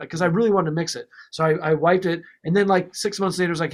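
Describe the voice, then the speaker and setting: A man, a record producer, telling stories in a casual podcast interview, animated and laughing as he goes. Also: on the high side, fast, few pauses.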